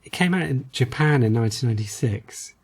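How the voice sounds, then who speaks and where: A man's voice: medium pitch, expressive, quick pace, slightly rough. A man co-hosting a podcast, chatting casually about retro games in a rambling, hesitant way with lots of fillers. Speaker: podcast co-host.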